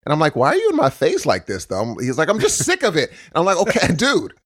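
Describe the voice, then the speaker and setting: A man's voice: fairly high pitch, fast talker, slightly rough. A man co-hosting a podcast in casual chat, teasing his partner and laughing as he tells stories. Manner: teasing, laughing, animated storytelling. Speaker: podcast co-host.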